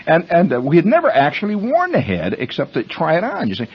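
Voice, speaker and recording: On a muffled vintage radio broadcast, a male host with a fairly high, husky voice talks quickly, his pitch swinging hugely. He spins a long, rambling story for his listeners, addressing them as friends.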